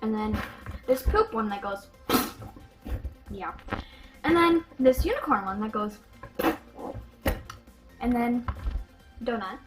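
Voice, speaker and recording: Bubbly high-voiced female vlogger. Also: takes it slowly, long pauses, faint music behind. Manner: excitable and chatty, with giggles and gasps. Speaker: vlogger showing her toy collection. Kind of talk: casual show-and-tell vlog.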